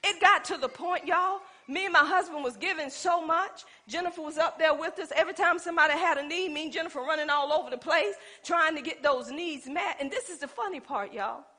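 A woman's voice: high voice, fairly quick, hardly any pauses, sharp tone. A woman pastor preaching a sermon in a colloquial style. She calls out to the congregation and acts out little scenes from her own life.

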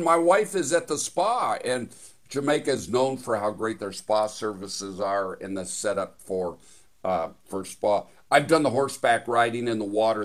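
A man hosting a radio show, talking enthusiastically in a chatty way with many fillers and restarts. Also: fairly low pitch. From United States. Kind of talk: casual radio chat.

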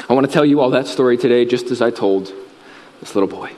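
A man with a high voice preaches in earnest storytelling fashion, letting his voice sink low and quiet at the solemn points. His words ring out with a long reverb, as in a large church hall. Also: fairly quick. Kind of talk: sermon.

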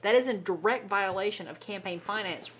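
A woman co-hosting a casual podcast, telling a story in an animated, exasperated way and swearing now and then. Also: medium pitch, fairly quick, highs cut off, a little hiss or hum. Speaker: podcast co-host. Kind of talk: casual chat.

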